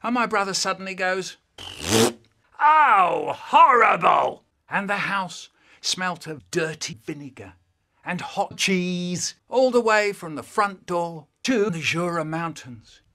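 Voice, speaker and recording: A man telling a comic story in an animated, theatrical way. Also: sits high, measured pace.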